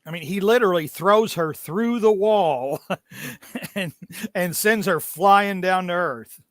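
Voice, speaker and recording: A young adult podcast co-host with a high, slightly bright voice chats casually through comic book recaps, cracking jokes and stopping often on filler words. The sound is dry and clean, like a studio.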